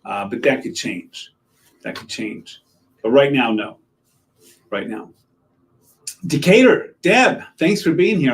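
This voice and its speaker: A man, a TV meteorologist giving a casual live weather update, chatting and joking with viewers and greeting them by name. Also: on the high side. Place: TV station weather set.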